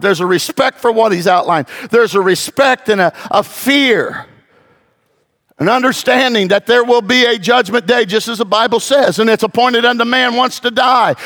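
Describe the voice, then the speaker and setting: A middle-aged man preaching a sermon as pastor, with rising emphatic bursts and a gravelly voice. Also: high-pitched, a bit bright.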